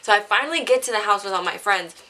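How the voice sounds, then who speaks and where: A woman's voice: medium pitch, fast, bright, forceful tone. A young woman telling a story to her camera in a casual, chatty way, filling it with "like" and laughing. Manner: chatty, says "like" constantly, laughs while telling. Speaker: vlogger.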